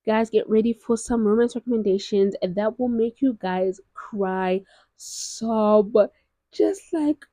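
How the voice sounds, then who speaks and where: A woman's voice: medium pitch, fairly even intonation, normal speed, hardly any pauses, warm tone, no room sound. A woman from South Africa chatting casually and expressively as a book reviewer, talking about books at home. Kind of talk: casual chat. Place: at home, in a gown.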